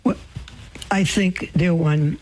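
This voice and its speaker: A woman, a nun, reads viewer letters aloud and answers them with gentle, deliberate spiritual advice, pausing often. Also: on the low side, steady tone, no room sound, low-quality recording. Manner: gentle, deliberate, with many pauses and fillers.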